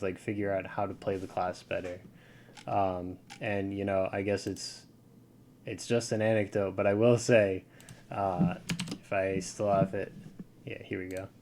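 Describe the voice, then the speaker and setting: A man's voice: on the low side, steady tone, a little slow, darkish tone, a little hiss or hum. A man giving a casual screen-share tutorial, talking loosely with lots of fillers over his screen. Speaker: video game guide creator.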